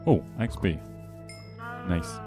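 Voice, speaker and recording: A man's voice: low-pitched, wildly swooping pitch, slow, over music. A man giving casual, rambling gameplay commentary as a streamer, chatting back to his viewers with playful jabs. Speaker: gaming streamer.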